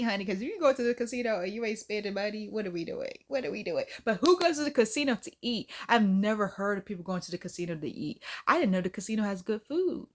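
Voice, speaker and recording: A woman hosting a reaction video, chatting in a playful, slangy way and laughing often. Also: fairly high pitch. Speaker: host reacting to clips. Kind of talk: casual reaction commentary.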